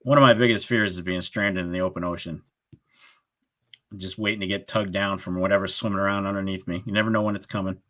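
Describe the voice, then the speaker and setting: A man's voice: sits low, steady tone, fast, fairly bright tone. A man co-hosting a livestream in casual chat, a laughing storyteller who acts out the people in his stories. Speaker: livestream co-host.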